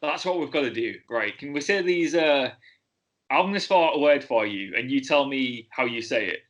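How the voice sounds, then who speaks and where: A man's voice: medium pitch, expressive, normal speed, a bit bright. A man with an English accent hosting a casual wrestling podcast interview, joking and laughing often. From England. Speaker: podcast host.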